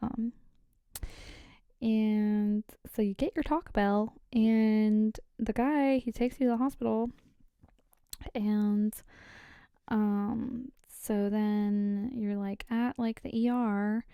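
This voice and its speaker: A woman's voice: medium pitch, steady tone, slow pace, clean tone, no room sound, muffled recording. A woman telling a scary story in a whispered role-play, rambling and giggly with lots of fillers, close to the mic.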